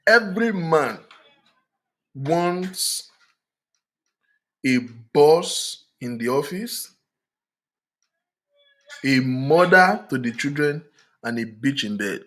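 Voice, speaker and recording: A man's voice: on the high side, expressive, drawn-out words, long pauses, a bit bright. Emphatic man giving frank advice. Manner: emphatic, preachy, switches into Yoruba. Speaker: relationship talk host. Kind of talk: frank relationship advice monologue.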